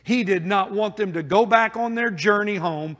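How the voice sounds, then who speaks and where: A man's voice: high voice, moderate pace, fairly bright tone. A man preaching a sermon in an earnest, pleading way, with emphatic repeated phrases. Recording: long hall reverb.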